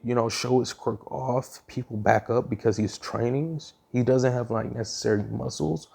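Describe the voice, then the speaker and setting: A man with a gravelly, mellow voice tells a fan story off the cuff. He rambles and restarts often, filling gaps with ums. His tone stays casual throughout. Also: medium pitch.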